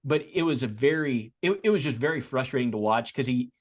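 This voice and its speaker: A man co-hosting a casual sports podcast, talking in a rambling way with restarts, getting animated as he makes his points. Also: medium pitch, brisk. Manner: rambling, frequent restarts and repeated words. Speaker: podcast co-host.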